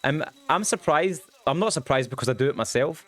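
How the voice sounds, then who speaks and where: A man's voice: a little high, animated, a bit bright. Goofy chatty man streaming. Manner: goofy, chatty, quick bursts with many ums. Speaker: game streamer. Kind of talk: casual livestream chat while gaming.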